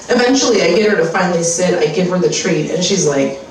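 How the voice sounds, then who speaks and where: A woman's voice: on the high side, a little fast, distant mic, slight background noise. Crude woman doing stand-up in echoey room. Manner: crude, animated storytelling with voiced asides. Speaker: stand-up comedian. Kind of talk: stand-up comedy set. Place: live comedy club. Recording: echoey room, mic heard from afar.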